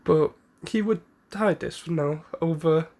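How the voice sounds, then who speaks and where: A man narrating a made-up story off the cuff, rambling and halting with frequent restarts. His voice is gravelly, his pace very slow, and his pitch a bit high for a man. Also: a little mellow. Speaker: fan storyteller. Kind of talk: casual improvised story narration.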